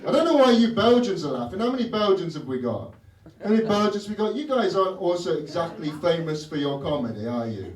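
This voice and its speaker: A man's voice: high-pitched, big pitch swings, fast, crowd noise. A young British man doing a stand-up comedy set, teasing the audience with wry rhetorical questions. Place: comedy club stage. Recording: roomy club from a distance with audience laughter.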